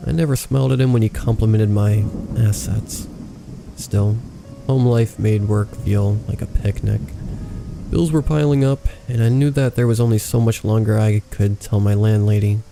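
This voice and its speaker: A man narrating a horror story in a calm, measured reading. His voice sits low and gravelly with a very dark, mellow tone. Faint rain ambience plays softly underneath.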